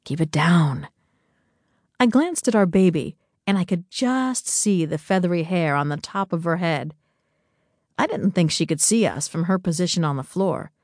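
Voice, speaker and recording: A woman narrating a first-person story in a slow, intimate, measured reading on a close studio mic. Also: lowish voice, expressive, darkish tone, no room sound. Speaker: audiobook narrator.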